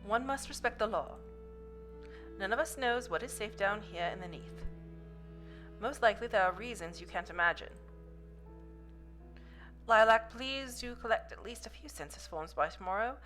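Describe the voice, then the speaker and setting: A woman voicing a calm, dutiful government official in a measured, formal way. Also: mid-range voice, faint music behind, close to an everyday voice. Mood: stern.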